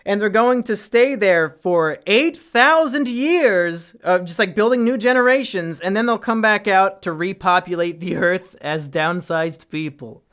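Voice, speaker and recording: A man's voice: high-pitched, unhurried, hardly any pauses, smooth. A young man in casual chat, rambling through a film plot and swearing often. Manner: rambling, swears often, trails off into quiet asides. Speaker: podcast co-host reviewing films.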